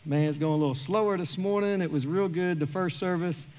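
A man, a pastor giving a joking, animated sermon in a large church. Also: sits high, fairly quick. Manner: animated, joking, acts out quoted voices.

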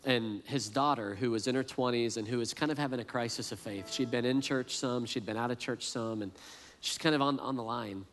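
A pastor preaching in a mid-pitched male voice that sounds neither high nor low. He talks earnestly and often doubles back on his words mid-thought. His voice rings out with a long reverb, as if in a large church hall. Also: brisk, fairly bright tone. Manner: earnest, repeats words as he restarts. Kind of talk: sermon.

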